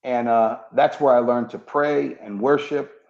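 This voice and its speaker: A man's voice: mid-range voice, steady tone, unhurried, vocal fry. A man, a former police officer turned preacher, earnestly telling his conversion story in an interview and acting out the dialogue he recalls. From New York. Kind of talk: personal testimony in an interview. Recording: muffled echoey room.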